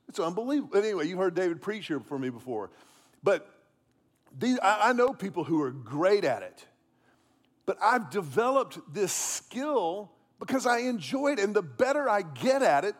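Man, pastor, high voice, chatty storytelling sermon, long hall reverb. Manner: casual, animated storytelling with fillers.

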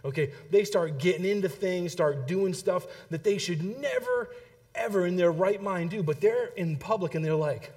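A man's voice: high voice, normal speed. A middle-aged man preaching a sermon, telling a family story and checking in with the congregation. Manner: storytelling, lively, addresses the congregation with "okay?". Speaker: pastor.

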